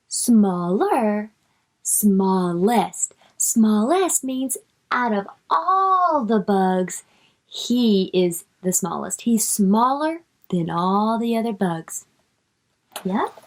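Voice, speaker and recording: A woman's voice: medium pitch, expressive, very slow. A woman reading a picture book aloud to young children, stretching out the words she reads and coaxing the child with questions.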